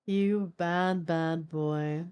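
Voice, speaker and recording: A woman's voice: fairly low pitch, steady tone, extremely slow, darkish tone, clean tone. A woman chatting casually as she streams a game, rambling with lots of filler words.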